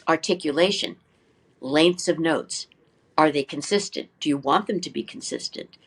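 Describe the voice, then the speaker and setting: An older woman, a flute teacher, speaks as a guest in an interview. She explains practice methods in a lively way, asks many rhetorical questions, and sings short syllables to demonstrate. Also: deep voice, normal speed, breathy edge.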